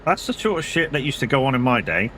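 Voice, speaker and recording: Fast and sing-song, his medium-pitched voice sounds pushed and bright as this middle-aged man rambles over a driving game stream. He swears and laughs often, and faint background noise is audible.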